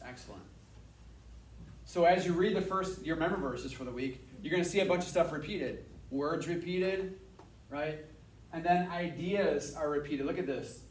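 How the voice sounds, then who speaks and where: Energetic man teaching in an echoey room. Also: on the high side, slight background noise. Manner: energetic, repeats points for emphasis. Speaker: Bible teacher. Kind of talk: casual Bible lesson to a class. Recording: echoey room, mic at a distance.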